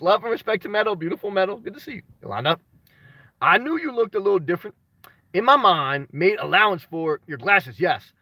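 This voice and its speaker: A man with a high-pitched voice hosts a casual livestream, greeting his viewers by name and drifting into loose, rambling stories. The sound is close and dry, with no room around it. Now and then he bursts out in an excited shout. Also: no room sound. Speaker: vlogger reading live chat.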